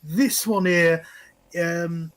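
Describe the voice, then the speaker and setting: A woman's voice: fairly low pitch, extremely slow. A woman narrating a tabletop game as game master, laughing often and tripping over repeated words.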